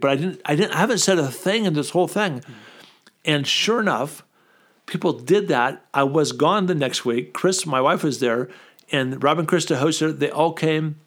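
A man's voice: on the high side, moderate pace. A man as a guest on a conversational show, telling a story and acting out the people in it. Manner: lively, acts out quoted voices in the story. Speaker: guest speaker.

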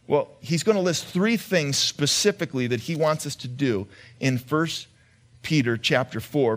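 A male pastor preaching a conversational sermon, questioning the congregation and often repeating his words. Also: mid-range voice.

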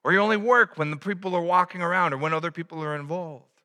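A man's voice: on the high side, fast, bright, forceful tone, big-room sound. A man preaching a sermon in a conversational way, a father who acts out little quotes. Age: adult, has a child. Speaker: pastor.

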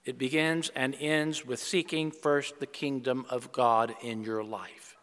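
A man's voice: mid-range voice, fairly even intonation, a little slow, a bit bright, big-room sound. An older male preacher giving a sermon, opening with jokes and then speaking earnestly about giving and stewardship. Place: church.

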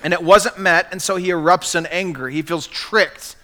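Man, pastor, preaching a sermon, high-pitched, earnest, acted-out quotes. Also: normal speed, sharp tone.

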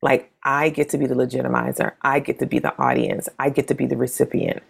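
This is a woman in her forties with a strikingly deep voice and a gravelly texture. She talks in a relaxed, conversational way as a guest. Whenever she quotes someone, she acts the words out with big leaps in pitch. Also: fast. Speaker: interview guest, zine maker. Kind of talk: casual storytelling conversation.

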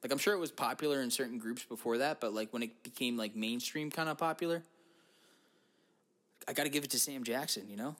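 A man's voice: medium pitch, fairly quick, a bit bright. A young man rambling through a casual, profane comic podcast monologue. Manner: casual, profane, slips into silly put-on voices. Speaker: podcast host.

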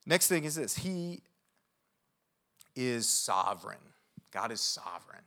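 Bright, energetic male preacher. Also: medium pitch. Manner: conversational, checks in with "okay?" and "right?"; energetic and animated, with quick asides. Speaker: pastor. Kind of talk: sermon.

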